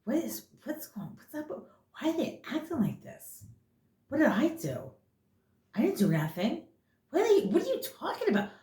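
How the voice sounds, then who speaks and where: A woman's voice: sits high, huge pitch swings, moderate pace, dark tone, pitched above the performer's own voice. A woman voicing a dismissive male partner who acts innocent and talks down to her. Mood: mock-innocent. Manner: condescending, mock-puzzled. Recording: echoey room.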